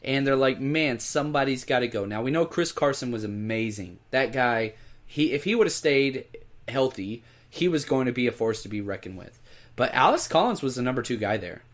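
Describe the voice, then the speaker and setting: An expressive man with a medium-pitched voice co-hosts a podcast at a moderate pace, casually discussing fantasy football picks. He's emphatic, pressing listeners to make moves and add players.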